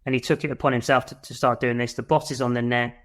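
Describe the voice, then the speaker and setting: He speaks fast at a medium pitch, barely moving it up or down. A UK military veteran on a podcast, he tells a war story bluntly, swears, and acts out his shouts.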